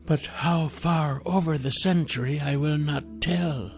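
A man voicing a tall, mysterious woman in black robes who is over a hundred years old, warm and soothing. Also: on the high side, unhurried, gravelly, soft background music, pitched above the performer's own voice. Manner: gentle, coaxing.

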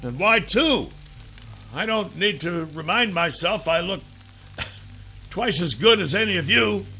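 A man's voice: high voice, expressive, pushed and bright, faint music behind, voice pushed up, full character voice. A man voicing a cocky, wisecracking male dragon in an audiobook. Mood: vain. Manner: quick, cheeky banter. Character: cocky, wisecracking male dragon, vain about his hair.

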